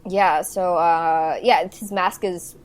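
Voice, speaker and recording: A woman's voice: on the low side, fairly even intonation, slow pace. A young woman co-hosting a podcast, chatting casually about a movie, laughing often and filling her talk with "like" and "um". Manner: chatty, laughs often, recaps plot with many fillers. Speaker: podcast co-host.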